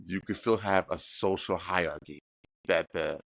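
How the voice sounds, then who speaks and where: A man's voice: deep voice, moderate pace, gravelly, fairly bright tone. A man hosting a podcast, asking curious questions and reflecting on what he hears. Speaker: podcast host. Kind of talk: casual interview.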